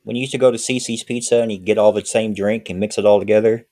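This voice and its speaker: Laid-back male co-host, low mellow voice, wry short replies. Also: fairly even intonation, fast talker. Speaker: podcast co-host. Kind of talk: casual chat.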